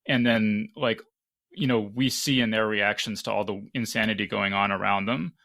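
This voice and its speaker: Male host, gravelly and forceful, musing and restarting mid-thought in a casual panel. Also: fairly low pitch, steady tone, normal speed. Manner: thinking aloud with frequent restarts.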